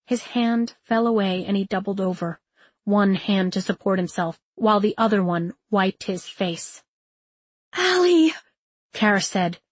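A woman reading a novel aloud in a measured, expressive storytelling manner. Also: mid-range voice, no echo. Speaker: audiobook narrator. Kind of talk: scripted narration.

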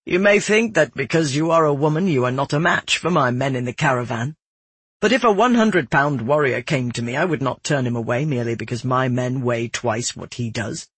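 A man voicing a stern, measured male caravan guard captain who gives terse, carefully worded instructions, with a slightly husky voice. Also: medium pitch, animated, a bit bright, no echo.

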